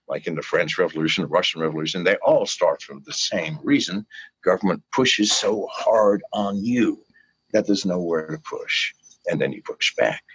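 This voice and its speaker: Gravelly older man ranting fiercely. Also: low-pitched. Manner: profane, fiery, pleading with listeners. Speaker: interview guest. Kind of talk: impassioned rant in an interview. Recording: dull lo-fi recording.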